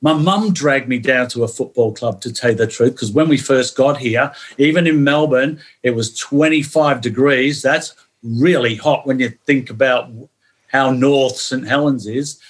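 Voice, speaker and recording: A man's voice: mid-range voice, normal speed. An older man from England with an English accent, a guest telling chatty stories in a podcast interview. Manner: storytelling, chatty, peppers talk with "yeah".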